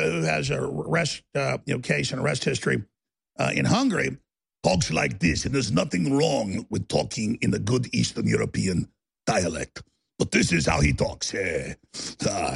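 A man hosting a talk radio show, ranting heatedly and swinging between loud outbursts and low asides. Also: vocal fry, breathy edge.

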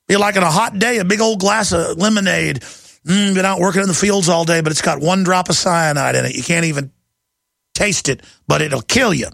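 A man's voice: sits high, gravelly, fairly bright tone, no echo. A middle-aged man hosting a talk radio show, ranting fervently in a rising, impassioned monologue.

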